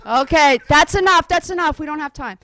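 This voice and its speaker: High bright-voiced woman host. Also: a little fast, no room sound. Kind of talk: casual chat.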